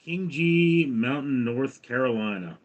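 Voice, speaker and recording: American guy on a livestream reading out chat comments, rambly, restarts a lot, average pitch. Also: lively intonation, unhurried, muffled recording. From United States. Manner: rambling, reads viewer comments aloud and chats back. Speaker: livestream host.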